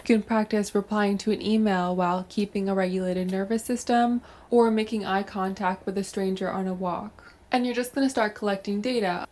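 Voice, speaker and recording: A young adult woman talking straight to camera, giving brisk step-by-step coaching advice on self-help. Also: mid-range voice, steady tone, darkish tone. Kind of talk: direct-to-camera advice monologue.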